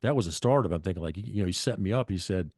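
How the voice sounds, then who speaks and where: Deep-voiced blunt middle-aged man. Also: animated, rapid-fire, darkish tone, breathy edge, no room sound, clean studio sound. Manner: blunt, profane, rambling with restarts. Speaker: guest. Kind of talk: casual storytelling.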